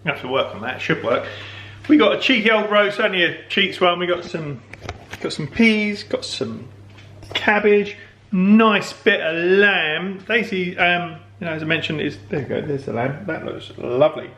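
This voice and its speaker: A chatty middle-aged man rambles through a joke and some home chat. His voice sits a little high and carries a roomy echo. He sounds some way from the camera mic, with faint noise underneath. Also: expressive, normal speed, sharp tone, recorded from a distance. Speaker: vlog host. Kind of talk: casual storytelling to camera. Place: home, indoors.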